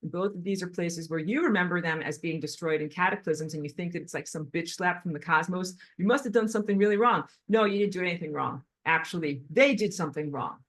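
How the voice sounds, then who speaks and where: A woman's voice: fairly low pitch, fairly quick, hardly any pauses. A woman giving an impassioned spiritual lecture in a blunt, emphatic and agitated manner while walking on a treadmill. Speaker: spiritual teacher.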